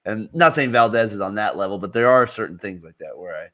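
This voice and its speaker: A man co-hosting a casual sports chat, rambling and halting with many fillers. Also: on the low side, animated, fairly bright tone. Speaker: co-host.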